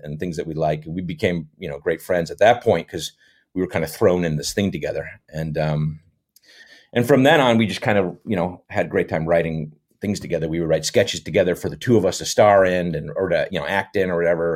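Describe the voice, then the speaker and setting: A man's voice: low-pitched, fairly quick. Man, middle-aged, from the US, casual interview guest, loose anecdotes, filler-heavy. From American. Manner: relaxed, rambling, many fillers. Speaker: podcast guest, comedy actor.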